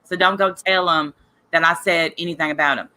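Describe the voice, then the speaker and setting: A woman's voice: fairly low pitch, steady tone, brisk, pushed and bright. A woman hosting a casual talk show, rambling and gossiping to listeners while sick with a cough. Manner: rambling, chatty, addresses listeners directly. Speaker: podcast host.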